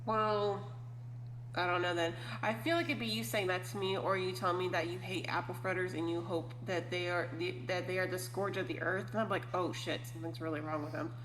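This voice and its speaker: A woman's voice: fairly low pitch, steady tone, brisk, a bit bright. Young woman podcaster rambling w/ lots of "like", echoey room, little hum. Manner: chatty, laughing, lots of "like" and "I mean". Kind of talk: casual podcast chat. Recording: roomy with faint hum.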